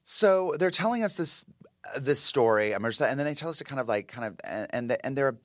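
A man's voice: mid-range voice, fairly quick, no echo, studio quality. Chatty man telling a story on a podcast. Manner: animated, chatty, lots of "like" and restarts. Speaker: podcast guest, comedian and actor. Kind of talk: casual storytelling chat.

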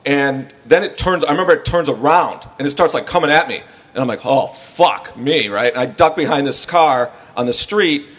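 A man's voice: on the high side, brisk, a bit bright. A man guesting on a podcast, telling a wild story in a rambling, profane way and often laughing through it. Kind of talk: casual storytelling.

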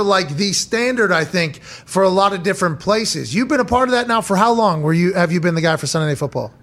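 A man with a high voice hosting a sports talk show. He talks casually and excitably, often breaking in loudly over his guest. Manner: loud, excitable interjections.

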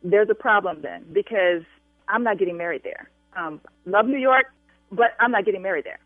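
An angry woman speaks on a phone call, pressing her demands hard and refusing to back down. She talks in firm, forceful bursts. Her voice is squeezed through a thin, dry telephone line. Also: mid-range voice, normal speed, no echo, faint music behind. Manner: insistent, increasingly angry and demanding. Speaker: bride called by prank caller.

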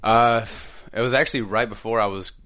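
A man's voice: medium pitch, steady tone, brisk, a bit bright. A man from the American South, a guest actor, easygoing and laughing as he tells stories in a casual interview.

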